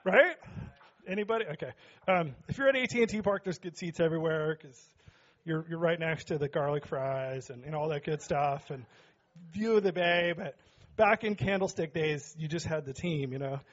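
A middle-aged man preaching a sermon as pastor in a church, joking with the congregation and building to shouts. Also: a little high, normal speed, muffled recording. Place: church sanctuary.

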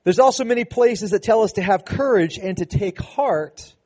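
A man preaching a sermon with a slightly higher voice than most men. He talks to the congregation conversationally, restarting phrases often, then presses into emphatic stretches. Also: moderate pace, a little mellow. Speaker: pastor.

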